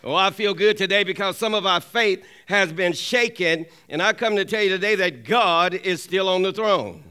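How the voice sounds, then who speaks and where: A man preaches with a high, ringing voice that stays smooth and clear. He works the congregation with call-and-response, pressing for an amen. He drives his points home by saying them twice. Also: moderate pace, pushed and bright. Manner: repeats key lines for emphasis. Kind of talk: sermon.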